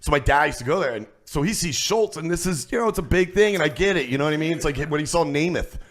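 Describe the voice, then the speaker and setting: A man's voice: on the high side, quick pace. A man, a comedian telling rowdy stories on a casual podcast and acting out the people in them. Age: 30s. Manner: profane, animated storyteller acting out quotes. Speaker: comedian guest.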